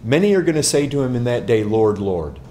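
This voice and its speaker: A man's voice: mid-range voice, very animated, fairly quick, dark tone, slight background noise. A man, a pastor, answering a question before a group in an emphatic teaching style, repeating words and asking rhetorical questions.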